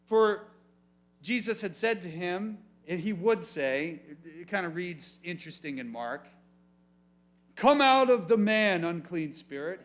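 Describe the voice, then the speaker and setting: A man as youth pastor, preaching an animated sermon and asking the room questions. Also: fairly high pitch. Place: church youth meeting room.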